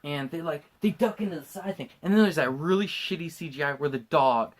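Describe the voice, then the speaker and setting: A man hosting a podcast, drunk, recapping a movie in a rambling, swearing, animated way. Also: on the high side, a little fast. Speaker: podcast host.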